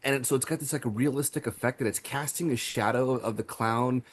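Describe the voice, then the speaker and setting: A man's voice: mid-range voice, brisk. Chatty man gushing over a horror film. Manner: enthusiastic, many fillers and restarts. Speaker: podcast co-host. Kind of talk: casual movie review chat.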